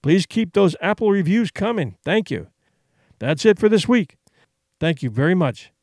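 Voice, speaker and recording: A man's voice: sits high, very animated, moderate pace, darkish tone, dry recording. A man hosting a classic short story show, reading the tale aloud with dramatic expression. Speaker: host and storyteller. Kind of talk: storybook narration.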